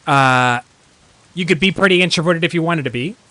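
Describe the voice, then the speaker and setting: A man's voice: fairly high pitch, brisk, sharp tone, no room sound. A man streaming a video game and chatting casually, rambling through thoughts with lots of filler words and reacting jumpily to surprises. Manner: rambling, heavy use of "like" fillers. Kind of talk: casual gameplay commentary.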